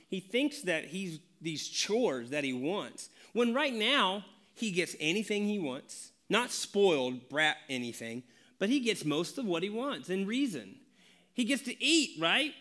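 A male pastor giving a conversational church sermon, animated and laughing as he acts out family stories. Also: sits high. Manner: animated, laughing, acting out dialogue. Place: church sanctuary.

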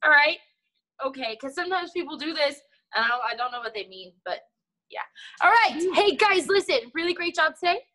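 A woman runs a children's martial arts class over a video call, her voice high and bright. She teases the kids playfully and keeps things upbeat. The sound is that of a laptop call. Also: lively intonation, fairly quick.

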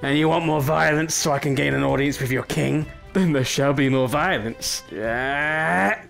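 Brief: gaming host, young man, raspy edge, excitable mock bravado, faint music underneath. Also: on the high side, measured pace. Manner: excitable, swearing mock-threats. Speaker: gaming YouTuber. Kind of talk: casual gameplay commentary.

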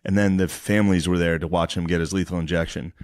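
A man's voice: low voice, fairly even intonation, fast talker, dry recording, studio quality. A man co-hosting a comedy podcast who makes crude, blunt jokes in casual chat. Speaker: podcast co-host.

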